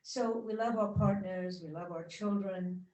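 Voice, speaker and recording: A woman giving a spiritual talk to a congregation, guiding them gently and chatting with the audience. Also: medium pitch, measured pace, far from the mic. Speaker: guest speaker. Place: church hall. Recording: roomy hall sound from off-mic.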